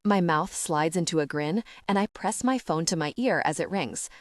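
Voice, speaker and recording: Lowish woman narrating a romance audiobook. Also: moderate pace, dry recording, clean studio sound. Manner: lively, conversational storytelling.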